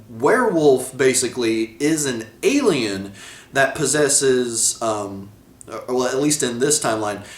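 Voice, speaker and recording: A man giving a casual video review of a TV episode, rambling, correcting himself and laughing often. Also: medium pitch. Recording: echoey room.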